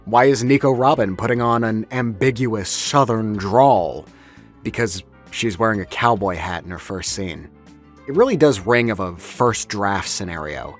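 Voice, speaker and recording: A man narrates a scripted video essay, wry and analytical, with a lively, rising and falling delivery. Faint music sits under his voice. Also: fairly low pitch, a little slow.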